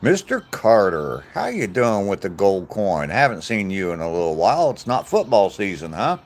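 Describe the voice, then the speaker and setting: Low-voiced older American man rambling. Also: big pitch swings, moderate pace, hardly any pauses. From United States. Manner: rambling, jokey, laughs at own stories. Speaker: live-stream host. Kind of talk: casual chat with live chat viewers. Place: outdoors on a walk.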